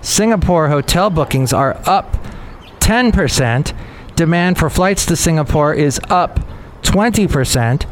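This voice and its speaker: A man's voice: on the high side, lively intonation, unhurried, slight background noise. A man hosting a podcast in casual, meandering chat, often correcting himself as he goes. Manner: meandering, self-correcting, chatty. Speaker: podcast host.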